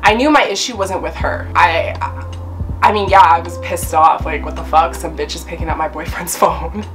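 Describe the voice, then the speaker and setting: A woman's voice: fairly low pitch, normal speed, a bit bright, faint music behind. Chatty young woman, swearing story time. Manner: chatty, swearing, many fillers. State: a little high. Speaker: vlogger.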